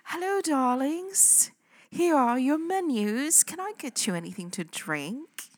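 A woman's voice: sits high, big pitch swings, slow, voice pushed up, exaggerated voice. A woman voicing a sweet, bubbly young waitress with a sugary, cheerful manner.

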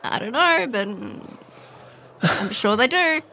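Woman doing a cagey adventurer, high lively voice, noisy mic. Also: takes it slowly, exaggerated voice. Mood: evasive.

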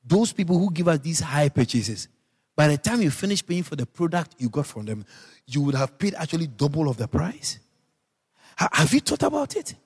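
A Guyanese man preaches an emphatic radio sermon, dipping into low asides and rising into high, shouted repeats. His husky voice is sing-song at a moderate pace, with a long reverb tail.

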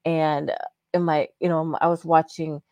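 Blunt woman with a low-pitched voice. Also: level tone, darkish tone, no room sound, dull audio. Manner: blunt, agreeable, quick to laugh and curse. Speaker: podcast co-host. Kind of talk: casual wrestling chat.

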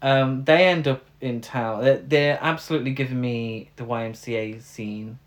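A man's voice: mid-range voice, fairly even intonation, moderate pace. Man, podcast co-host, wry, joking, casual film recap. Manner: wry, joking, many um fillers.

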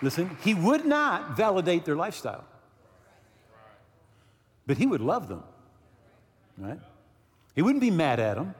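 A man's voice: high voice, sing-song, a little slow, pauses often, husky. A male pastor preaching a sermon emphatically, repeating key phrases and checking in with the congregation. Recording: long hall reverb.

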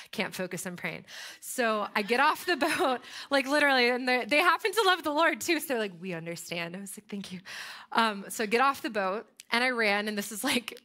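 Bright-voiced young woman telling a story. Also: a little high. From United States. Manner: animated, chatty storytelling with frequent fillers. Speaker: speaker. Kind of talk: storytelling sermon.

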